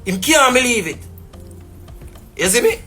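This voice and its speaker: A man's voice: very high voice, sing-song, measured pace, sharp tone, soft background music. A man with a Jamaican patois accent, ranting casually and indignantly on a live stream, rambling and repeating fillers. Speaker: businessman telling his side.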